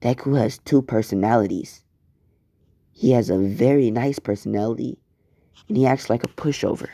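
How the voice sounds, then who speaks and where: A man's voice: mid-range voice, dark tone, dry recording, close to an everyday voice. A man doing a blunt urgent teen boy assassin. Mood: alarmed. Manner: stammering, hurried.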